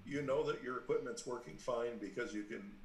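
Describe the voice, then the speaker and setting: A man's voice: mid-range voice, fairly quick, roomy sound, recorded from a distance, slight background noise. A man on a casual group video call, explaining things in a wry, storytelling way.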